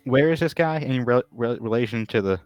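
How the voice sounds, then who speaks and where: A man's voice: mid-range voice, a little fast, darkish tone, no room sound, highs cut off, soft background music. A man playing a tabletop game, chatting casually and partly speaking in character. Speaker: player.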